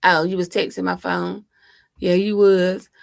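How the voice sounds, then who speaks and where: With a fairly low, gravelly voice, a woman hosts a casual livestream from home, teasing and laughing with viewers over her laptop microphone. She keeps a level tone and measured pace, and the audio is studio quality with no room sound.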